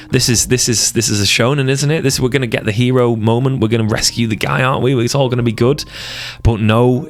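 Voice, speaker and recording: A man streaming a casual, unscripted talk, rambling with passion and often repeating and restarting his words. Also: lowish voice. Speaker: streamer discussing anime arcs.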